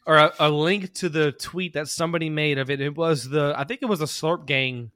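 A man's voice: a little high, brisk, sharp tone, dry recording, clean studio sound. A man co-hosting a podcast, chatting casually, swearing and rambling with frequent laughter. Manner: profane, rambling, laughs often. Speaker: podcast co-host. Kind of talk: casual chat.

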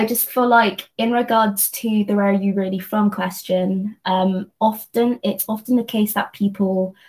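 Woman, earnest, reflective, thinks aloud, restarts often, level narrow pitch. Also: darkish tone. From London, England. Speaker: guest, company associate. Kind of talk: reflective conversational discussion.

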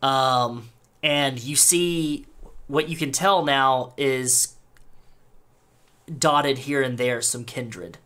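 A man's voice: medium pitch, fairly even intonation, drawn-out words, pauses often, bright, forceful tone, smooth. Casual man running a tabletop game. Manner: loose, filler-heavy narration with restarts. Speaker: game master.

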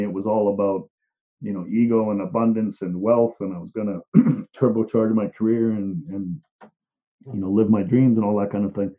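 Middle-aged man, reflective storyteller, low-leaning voice, halting and emotionally open, tinny phone-like audio. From England, Liverpool. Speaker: speaker sharing a personal story. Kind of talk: personal storytelling talk. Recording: narrow phone-like sound.

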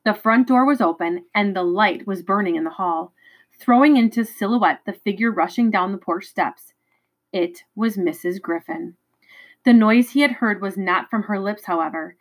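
A woman reads a novel chapter aloud in a mid-pitched voice. She is expressive and dramatic, with an occasional stumble over a word. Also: moderate pace, low-quality recording. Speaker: reader.

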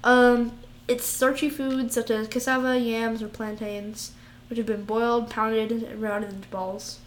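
Woman, higher voice, casual and giggly, hesitant reader. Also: level tone, unhurried, a little hiss or hum. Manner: giggly, hesitant, stumbles over foreign words. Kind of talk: casual chat reading out national dishes.

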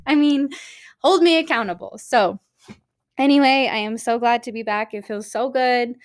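A woman's voice: on the high side, moderate pace. A woman hosting a podcast, talking candidly and upbeat, encouraging her listeners from her office at night. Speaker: podcast host. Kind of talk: motivational solo podcast talk.

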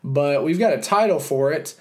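A man's voice: fairly high pitch, animated, moderate pace. A young man hosting a casual fantasy league podcast, talking in hyped, rambling bursts. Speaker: podcast host.

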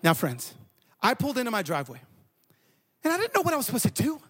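A man preaching a sermon, an animated storyteller who often repeats words. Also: very high-pitched, quick pace, husky. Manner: animated, repeats words while telling stories. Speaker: pastor.

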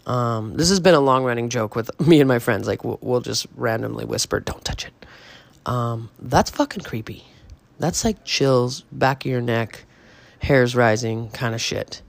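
A man's voice: medium pitch, normal speed, vocal fry. A man hosting a podcast, casually telling a ghost story to his listeners in a rambling way full of fillers and the odd swear word. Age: adult parent. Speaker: podcast host.

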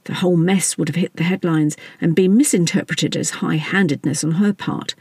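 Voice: medium pitch, fairly even intonation, moderate pace, a little mellow, husky, dry recording. A narrator reading a satirical story in a wry, scripted style.

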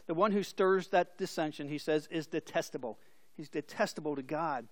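High-voiced man preaching a sermon. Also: moderate pace, no echo. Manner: storytelling with acted-out voices. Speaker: pastor.

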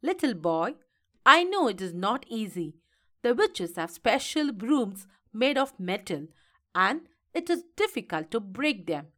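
Wise old storybook holy man, assured, slow and measured, read by a woman. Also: fairly high pitch, very animated, sharp tone, exaggerated voice. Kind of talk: storybook reading.

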